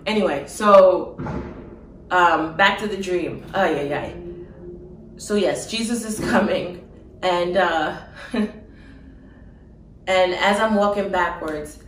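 A woman telling of her dream in an emotional personal testimony, halting with fillers and soft laughs. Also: fairly low pitch, reverberant, recorded from a distance, a little hiss or hum, poor audio.

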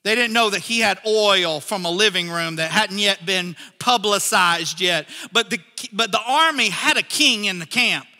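A male pastor preaching in a church, animated as he acts out the people in his story. His voice sits high and sounds very bright and forward. The sound rings with a long hall reverb. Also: normal speed, hardly any pauses. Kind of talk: sermon.

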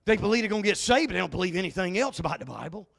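A man's voice: high voice, expressive, racing, creaky, fairly bright tone. A male pastor, preaching a fervent, folksy Pentecostal sermon full of repetition. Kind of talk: Pentecostal sermon at a Bible study.

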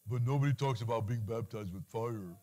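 A middle-aged man preaching a sermon, switching into pleading cries as he mimics worried believers. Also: fairly quick. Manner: animated preaching, mimics anxious pleas in a higher voice. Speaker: pastor.

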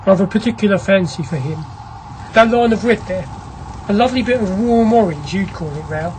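A narrator voicing a brisk, commanding ironworks owner. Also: mid-range voice, expressive, a little mellow, slight background noise, natural voice. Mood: eager. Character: ironworks owner, a grim restless man. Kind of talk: audiobook character reading.

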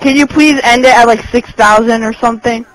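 A man's voice: very high-pitched, steady tone, fairly quick, fairly bright tone, no room sound, rough recording. A young man chatting with friends during an online game, cracking crude, rowdy jokes. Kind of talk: casual multiplayer game chat.

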